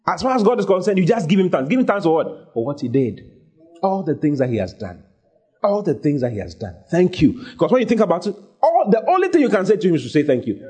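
A man's voice: on the high side, mellow, husky. A male preacher delivering a sermon, emphatic and repetitive, reading scripture aloud and urging his listeners on. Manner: emphatic, repeats phrases, reads scripture aloud.

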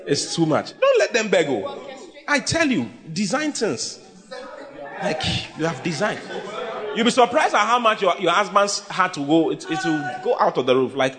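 A man preaches to a church full of people, his voice riding high and leaping wildly in pitch. He teases and shouts at his listeners in a playful sermon. A crowd can be heard clearly behind him. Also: normal speed. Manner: animated, teasing, often shouting and laughing with the congregation. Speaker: pastor. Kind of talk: humorous sermon on marriage. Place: church before a live congregation. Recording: congregation noise behind the voice.

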